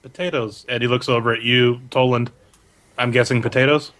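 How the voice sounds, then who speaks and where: A man's voice: medium pitch, steady tone, a little fast, a bit bright. Laid-back man running a tabletop game. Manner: casual, laughs often. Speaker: game master. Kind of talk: tabletop game narration, ad-libbed.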